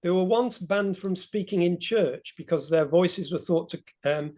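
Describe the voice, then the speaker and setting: A man's voice: high voice, unhurried, a little mellow. A man presenting an informal talk on a video call, chatty and meandering with light laughs.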